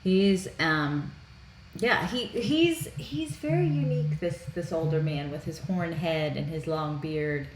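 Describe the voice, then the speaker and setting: A woman's voice: sits low, animated, slow pace. Woman, podcast co-host, casual movie chat, chatty, laughs a lot, roomy echo, faint hiss.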